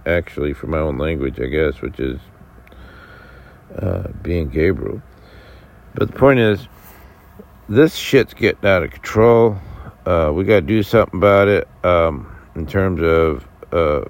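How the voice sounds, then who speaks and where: American guy ranting on his vlog, really deep voice, lots of uhs and cussing. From United States. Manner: angry, rambling, profane; halting with many fillers and restarts. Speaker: vlogger. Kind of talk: casual rant to camera.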